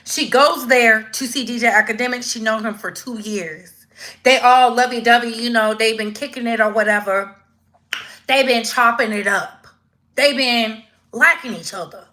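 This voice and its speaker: A woman giving casual live-stream commentary, slangy and animated, acting out quoted voices as she goes. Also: a little high, moderate pace.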